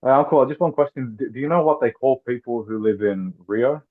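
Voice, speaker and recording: A man's voice: mid-range voice, brisk. A man interviewing in casual conversation, chatty and explaining things with amused asides. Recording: phone-like narrow sound.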